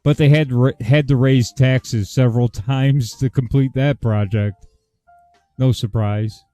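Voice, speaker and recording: A man's voice: medium pitch, fairly even intonation, measured pace, warm tone. A man casually commenting on a video he is playing, in a wry, amused, offhand way. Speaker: host reacting to a video. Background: faint jazz music.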